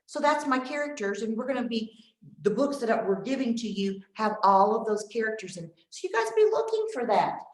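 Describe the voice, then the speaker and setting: A woman's voice: fairly high pitch, very animated, normal speed, echoey room, poor audio. A woman leading a nutrition lesson for kindergarten children, speaking in an exaggerated teacher voice and having them repeat phrases after her. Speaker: extension nutrition educator.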